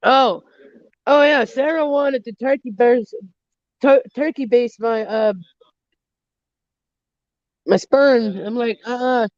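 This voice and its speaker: A man's voice: very high voice, takes it slowly, long pauses, no echo. Gossiping man guest on a livestream; dull, dry sound. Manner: gossipy, crude. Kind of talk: casual livestream chat.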